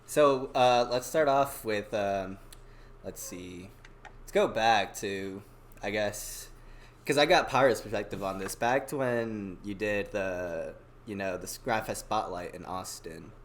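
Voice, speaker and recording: A young man hosting a casual podcast chat, excitable and freely swearing, often trailing off mid-sentence. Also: lowish voice, slow pace. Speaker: podcast host.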